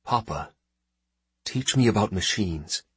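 A man's voice: fairly low pitch, sing-song, moderate pace, husky, no echo, exaggerated voice. A man voicing an earnest sixteen-year-old farm boy who pleads with his father. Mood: pleading.

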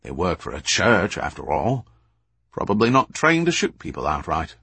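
A man's voice: low-pitched, big pitch swings, moderate pace, sharp tone, breathy edge, no echo, heavily acted. A man voicing a matter-of-fact British officer musing aloud in an audiobook.

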